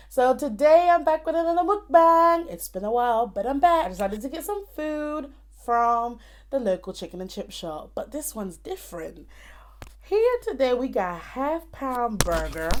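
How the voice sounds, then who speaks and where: Chatty woman eating on camera. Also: fairly high pitch. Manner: chatty and playful, talking between bites. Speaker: vlogger. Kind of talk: casual mukbang chat.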